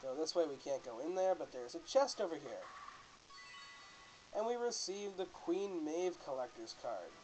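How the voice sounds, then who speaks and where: A man's voice: on the high side, sing-song, moderate pace, mellow, rough recording. Man from canada, let's play commentary, casual and joking, faint music behind. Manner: casual, joking, self-correcting. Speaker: host.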